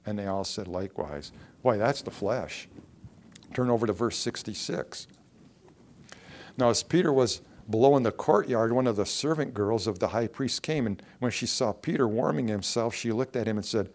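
A man preaching a sermon, reading scripture aloud and explaining it, with emphatic bursts and quiet asides. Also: medium pitch, lively intonation, normal speed. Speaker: pastor.

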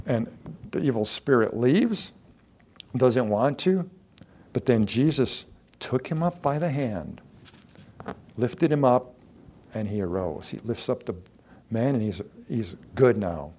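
A man's voice: medium pitch, expressive, slow pace, long pauses. Earnest preaching man, emphatic sermon. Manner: earnest, emphatic, swings between soft asides and loud declarations; repeats words when stressing a point. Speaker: pastor.

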